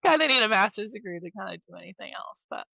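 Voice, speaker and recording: Midwestern woman, 30s, podcast guest; bright, chatty, filler-heavy storyteller; dry, slightly dull mic. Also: mid-range voice, lively intonation, fast, gravelly, no room sound. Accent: American Midwest. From South Dakota, USA. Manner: chatty, lots of "like" and "you know", laughs easily. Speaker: podcast guest, former basketball player and therapist. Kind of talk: casual interview storytelling.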